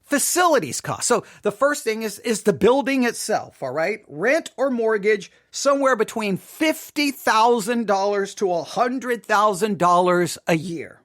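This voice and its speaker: A man's voice: sits high, lively intonation, unhurried, fairly bright tone. Guy talking to viewers, voice keeps cracking, hammers the same figures over and over, lots of "all right?". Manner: repeats figures for emphasis, asks rhetorical questions. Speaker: Christian commentator. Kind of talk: emphatic monologue to viewers.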